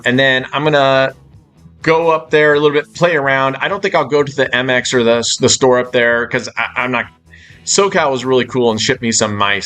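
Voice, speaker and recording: A man's voice: mid-range voice, fairly bright tone. Brief: man, casual live-stream host, loose and profane, mid-range voice, faint music underneath. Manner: swears freely, chatty and loose. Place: hotel suite.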